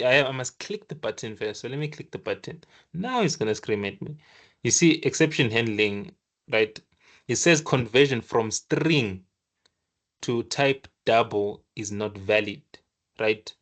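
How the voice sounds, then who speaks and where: Relaxed and expressive, this man tutors coding while sharing his screen. His mid-range voice breaks off and restarts as he reasons aloud, and he briefly voices the computer chiding him.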